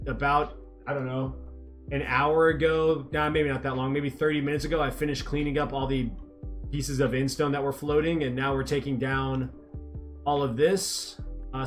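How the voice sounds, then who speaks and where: A young man livestreaming a game, chatting casually, reading viewers' messages aloud and teasing them. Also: mid-range voice. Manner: rambling, playful, reads chat aloud and teases viewers. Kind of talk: casual livestream chat while gaming.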